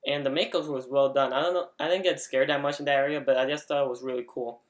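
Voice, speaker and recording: A man's voice: medium pitch, steady tone, fast. Chatty man in an echoey room. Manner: chatty, with frequent "like" fillers and restarts. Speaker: vlogger reviewing an event. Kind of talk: casual spoken review. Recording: roomy echo.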